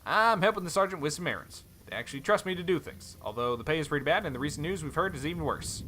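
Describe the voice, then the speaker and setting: A man putting on a rugged mercenary brawler with a twangy cowboy drawl, easygoing and folksy with a sly edge. The voice rings bright and forward in this game dub. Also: fairly high pitch, lively intonation, fast talker, a little hiss or hum. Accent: put-on cowboy drawl. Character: rough friendly male mercenary, brawler.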